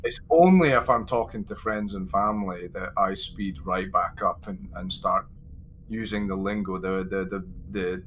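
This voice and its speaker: A Scottish man chats as a guest on a livestream, his voice bright and forward. He tells lively stories and drops into other people's voices as he quotes them. There is a faint hiss of noise behind him. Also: sits low, normal speed. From Scotland. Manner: animated storyteller, acts out quoted voices. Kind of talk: casual chat on a livestream.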